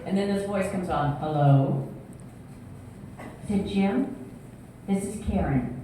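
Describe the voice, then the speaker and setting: A woman's voice: mid-range voice, normal speed, warm tone. Woman, church speaker, storytelling, laughing, acting out voices, distant mic, big echo, faint room hum. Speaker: speaker at a singles ministry event. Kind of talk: storytelling talk to an audience. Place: church hall with audience.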